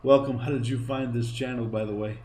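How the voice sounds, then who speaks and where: A man's voice: mid-range voice, steady tone, fairly quick, noisy background. A tired man chatting to viewers while streaming a game, repeating phrases as he talks. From Greece. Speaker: gaming streamer. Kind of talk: casual live gameplay chat.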